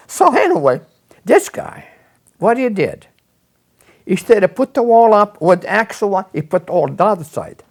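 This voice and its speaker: A man's voice: high-pitched, a little slow. An older man, telling his life story in a rambling, repetitive way and acting out the people he quotes. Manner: rambling, repeats words, animated when quoting others. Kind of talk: casual storytelling.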